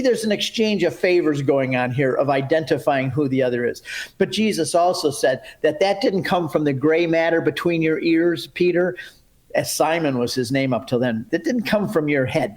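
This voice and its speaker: A middle-aged man teaching about the Bible in a lively storytelling way, acting out the quotes and turning aside to his listeners. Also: medium pitch. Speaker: Bible teacher and pilgrimage guide.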